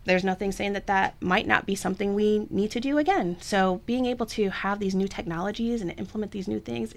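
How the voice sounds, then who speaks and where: A woman speaks in an enthusiastic, chatty interview manner, full of small fillers and restarts. Her voice carries a gravelly, creaky edge at mid pitch. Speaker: blood services representative. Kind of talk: casual interview talk.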